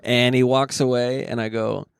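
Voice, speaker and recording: A man co-hosts a loose, crude comedy podcast and rambles through an anecdote. His voice has a gravelly edge. The recording is dry and close. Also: mid-range voice, level tone, normal speed, dry recording. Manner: storytelling, doing voices, laughing. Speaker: podcast co-host. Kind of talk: casual comedic chat.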